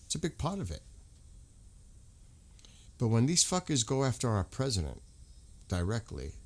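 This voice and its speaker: In casual livestream talk, an American host speaks at a normal speed in a medium-pitched voice that swings widely. He gets heated, repeats himself, and swears often.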